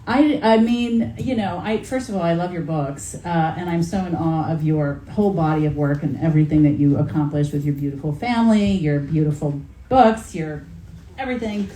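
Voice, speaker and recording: A woman's voice: sits low, normal speed, warm tone. A woman author chatting at a bookstore event, talking with many fillers and restarts. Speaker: author in conversation. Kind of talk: casual chat at bookstore event. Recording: roomy hall, faint background noise.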